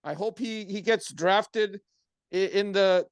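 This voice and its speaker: A man with a fairly high voice trades sarcastic, teasing takes on a casual sports podcast. His voice sounds dry and close, with almost no room around it. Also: slow, clean tone, no room sound. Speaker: podcast co-host.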